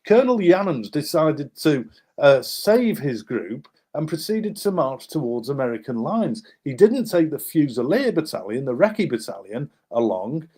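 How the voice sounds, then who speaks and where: This man's voice sits on the high side and sounds husky, moving at normal speed with few pauses. He is a guest author animatedly recounting a wartime story alongside maps, impersonating its people and frequently restarting or filling gaps.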